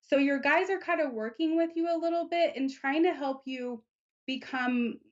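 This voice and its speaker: A woman psychic talks through a reading in a gentle, reassuring voice that sits a little high. She takes her time and keeps the tone calm and soft. The audio is dull and lo-fi, like a stream recording. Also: moderate pace. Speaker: psychic reader. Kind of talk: live psychic reading on internet radio.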